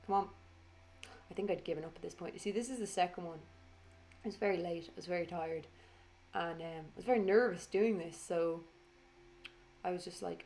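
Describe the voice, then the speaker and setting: A woman's voice: lowish voice, fairly quick, creaky, a little mellow, soft background music. A woman chatting through a casual voiceover for her craft video. She says she is tired, rambles, swears freely and teases herself.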